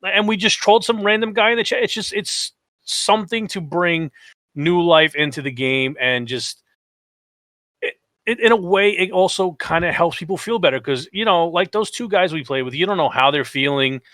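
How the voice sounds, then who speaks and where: Guy on a gaming podcast, kinda high voice, acts out everyone's lines when telling stories. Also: moderate pace, no echo. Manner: animated storytelling, acts out quotes. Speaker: podcast co-host. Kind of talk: casual podcast chat.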